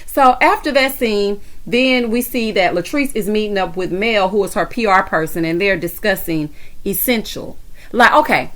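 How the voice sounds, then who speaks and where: A woman with a Southern American accent giving sassy, animated commentary on a reality TV episode, talking straight to the viewer. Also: medium pitch, moderate pace. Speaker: reality TV recap vlogger. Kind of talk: casual commentary.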